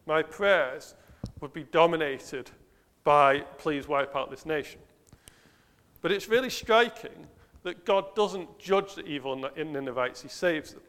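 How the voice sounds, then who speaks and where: Guy preaching, earnest and searching, voice a bit high, long echo of a church hall. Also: a bit bright. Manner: earnest, self-questioning, asks the listeners rhetorical questions. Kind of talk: sermon.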